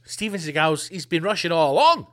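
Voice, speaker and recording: A man's voice: on the high side, very animated, brisk, bright, forceful tone. A man hosting a podcast, ranting in a sweary, sarcastic comic monologue and slipping into mock voices. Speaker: podcast host.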